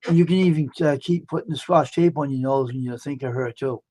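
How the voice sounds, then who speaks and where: A man's voice: medium pitch, fast talker, warm tone. Supportive man murmuring agreement. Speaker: live stream co-host. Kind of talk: casual chat on a live stream.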